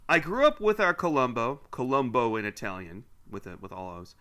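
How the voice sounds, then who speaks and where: A man's voice: medium pitch, big pitch swings, fairly quick, fairly bright tone. A man co-hosting a podcast, chatting casually and teasingly as he reads listener mail aloud with asides. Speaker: podcast co-host.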